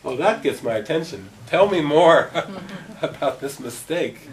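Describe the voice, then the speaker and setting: A man's voice: fairly high pitch, unhurried. Man telling stories at a gathering, distant mic. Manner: animated storyteller, acting out dialogue. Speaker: spiritual teacher. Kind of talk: storytelling talk to a gathering. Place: meeting room at a gathering. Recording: distant mic with faint noise.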